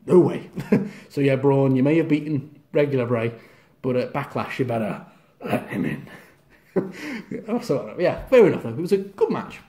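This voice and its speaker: A man's voice: mid-range voice, big pitch swings, unhurried, mellow. A man giving a casual, rambling wrestling review, often acting out the wrestlers' lines.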